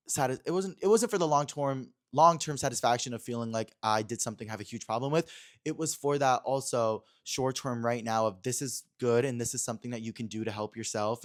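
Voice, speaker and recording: Gossipy young man spilling a story. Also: medium pitch. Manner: gossipy, animated, with slang and many fillers. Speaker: podcast host. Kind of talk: casual storytelling chat. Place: Los Angeles.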